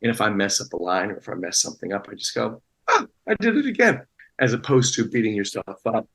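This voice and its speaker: A man's voice: on the low side, steady tone, quick pace, vocal fry, fairly bright tone, breathy edge, rough recording. A man talking as a guest actor in a casual interview, rambling with many restarts and fillers.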